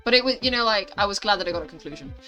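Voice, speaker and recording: Bright-voiced woman reading a story game. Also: medium pitch, lively intonation, racing, faint music behind. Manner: chatty, self-aware asides. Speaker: gaming youtuber.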